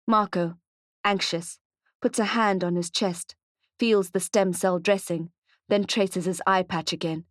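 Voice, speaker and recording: A woman narrating a thriller audiobook in a measured, steady way, recorded on a close microphone in a studio. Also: mid-range voice, no echo. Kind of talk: scripted narration.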